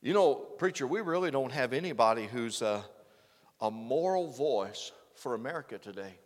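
A man preaching a sermon, swinging from loud exclamations to hushed, earnest lines. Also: mid-range voice, expressive, normal speed. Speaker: pastor. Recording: preaching in a reverberant hall.

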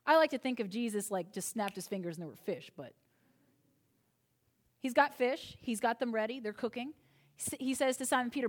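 A woman preaches a sermon in an easy, conversational manner, often turning to the listeners with asides. Her voice sits a little high for a woman. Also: normal speed.

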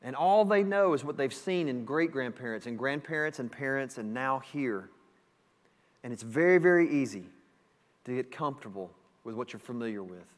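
A man pastor preaching a sermon, animated and emphatic, repeating key phrases. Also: mid-range voice, normal speed. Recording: long hall reverb.

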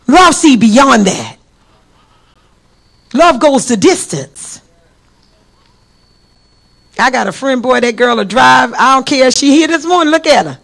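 A guest pastor preaching a sermon with passion, swinging between loud calls and hushed lines and dropping in amens and praise Gods. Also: high-pitched. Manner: fillers like amen and praise God.

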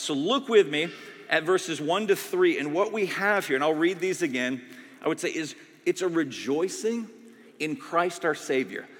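A man, a pastor in his thirties, preaching a conversational, energetic sermon to a congregation in a church and checking in with "all right?" as he goes. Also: fairly high pitch, big-room sound. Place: church sanctuary.

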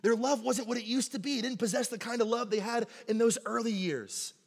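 A man preaching a sermon in a church, telling stories in a lively, conversational way and often asking "right?". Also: very high-pitched, brisk, gravelly. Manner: animated conversational storytelling, keeps asking "right?". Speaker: pastor. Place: church sanctuary. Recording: long hall reverb in a church.

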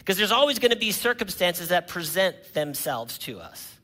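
A male pastor preaching a sermon, swinging between loud cries and hushed lines and asking the congregation questions. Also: high voice, big pitch swings, moderate pace.

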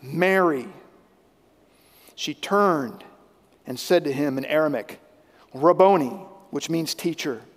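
A man preaching a sermon as pastor, swinging between loud emphatic lines and hushed, intense ones. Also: on the high side, lively intonation, slow, long pauses, big-room sound.

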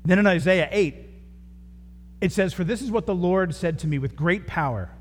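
A man's voice: high-pitched, moderate pace. A male pastor delivering a sermon, earnest and building his points in short repeated phrases. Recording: long hall reverb, faint noise.

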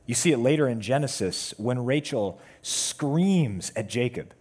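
A man preaching a sermon to his church, with measured, emphatic pauses. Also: mid-range voice, lively intonation, a little mellow, slightly rough. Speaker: pastor.

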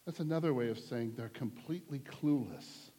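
A man's voice: medium pitch, moderate pace, mellow, slightly rough. A male pastor preaching a sermon in an earnest, conversational way, repeating points for emphasis. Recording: long hall reverb.

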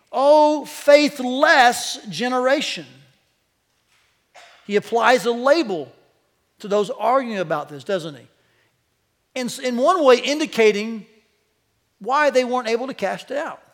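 A male pastor preaching a sermon to a church congregation, animated, his voice climbing as he quotes. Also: very high-pitched, normal speed. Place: church sanctuary.

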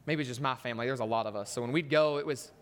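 A man's voice: mid-range voice, rapid-fire, long reverb tail. A man preaching a sermon in a church, telling stories and acting out voices with punchy emphasis.

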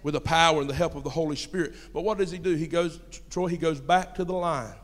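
A pastor with a high, ringing voice preaches in a church hall, where long reverb trails every phrase. He drops to a hushed storytelling tone, then climbs to shouted emphasis and keeps calling out questions to the people in the pews. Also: quick pace. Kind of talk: sermon. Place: church sanctuary.

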